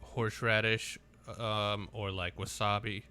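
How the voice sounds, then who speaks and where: A man co-hosting a podcast, telling crude stories in animated casual chat. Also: on the low side, unhurried, clear, resonant tone. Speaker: podcast co-host.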